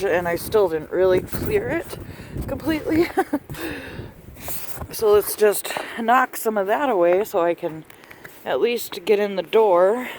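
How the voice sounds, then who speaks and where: Her voice is mid-range with a darkish tone, and a little hiss or hum sits under it. Filming a home video diary on a handheld phone out in a snowstorm, this woman chats away, slightly breathless, breaking into frequent laughs and talking to her pets as she narrates casually.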